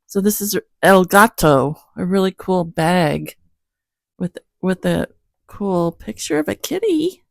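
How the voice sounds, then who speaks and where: A woman's voice: fairly low pitch, lively intonation, slow pace, vocal fry, dry recording. A woman hosting her own channel, chatting casually at home with her cats in a rambling way, with self-deprecating asides. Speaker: host of a Bible-reading channel. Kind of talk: casual chat.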